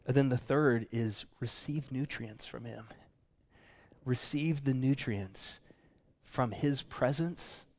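A man delivers a sermon in a loose, conversational way, circling back and correcting himself as he talks. His voice sits at an ordinary middle pitch, and he jumps up high when he acts out what other people say. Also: a little mellow. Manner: casual, chatty, full of fillers and self-corrections. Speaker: pastor.

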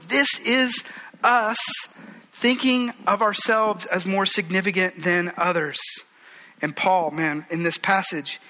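Earnest, bright-voiced preaching man. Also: high-pitched, rough recording. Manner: earnest, conversational, swings from hushed pleading to rising fervor. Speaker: pastor. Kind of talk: sermon.

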